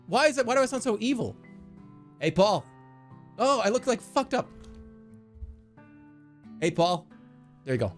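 Male streamer, 30s, high voice with big swings, goofy and profane. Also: big pitch swings, measured pace, pauses often, soft background music. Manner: playful, swearing, laughing, goofy voices. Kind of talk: live-stream gameplay commentary.

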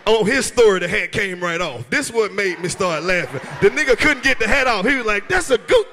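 A man telling a comic story loudly on a live stage. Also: sits high, animated, brisk, a little hiss or hum. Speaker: comedian. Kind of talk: storytelling stand-up banter. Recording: live hall with loud crowd.

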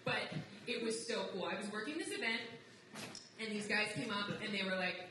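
A young woman from abroad performing live stand-up comedy, wry and conversational, jumping into high mocking voices when she quotes people. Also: moderate pace. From outside the United States. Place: live comedy venue with audience. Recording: roomy live recording from a distance, noisy.

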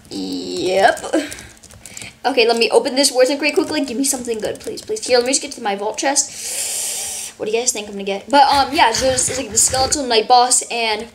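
A woman giving casual, rambling gameplay commentary full of "like", her voice a bit worn from yelling. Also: on the high side, moderate pace, a little hiss or hum. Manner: rambling, fillers of "like", excitable. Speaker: gaming channel host.

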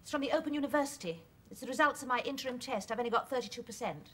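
An actress playing a dry, wry middle-aged wife in a 1980s sitcom. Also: female voice, high voice, racing, background noise, close to an everyday voice. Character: wry, patient English wife studying.

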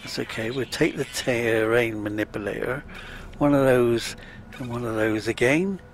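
A man's voice: medium pitch, moderate pace, slight background noise. A man giving casual, chatty let's-play commentary, muttering to himself as he plays. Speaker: gaming channel host.

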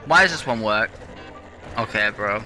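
A man's voice: lowish voice, expressive, normal speed, sharp tone, faint music behind. A young man commentating his own gameplay, ranting and swearing in frustration at the controls. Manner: frustrated, swearing, exasperated rants. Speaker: let's play gamer.

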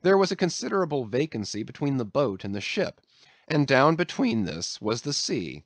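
A man's voice: mid-range voice, big pitch swings, moderate pace, no echo. A man narrating an audiobook with a dramatic storytelling delivery. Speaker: audiobook reader. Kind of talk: scripted narration.

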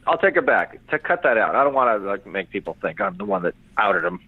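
A comedian chatting by phone, animated and quick to slip into impressions, on a tinny phone line. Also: male voice, on the low side, breathy edge, no echo. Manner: animated, keeps slipping into impressions. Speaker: comedian guest. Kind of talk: casual phone interview.

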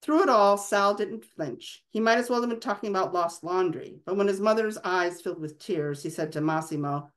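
A woman's voice: mid-range voice, moderate pace, few pauses. A woman author reading a passage from her novel aloud, expressively.

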